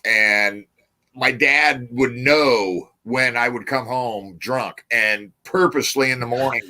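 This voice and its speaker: Male co-host, lively storyteller, bright forceful voice. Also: mid-range voice, takes it slowly. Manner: animated storytelling with acted-out quotes. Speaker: podcast co-host. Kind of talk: casual chat.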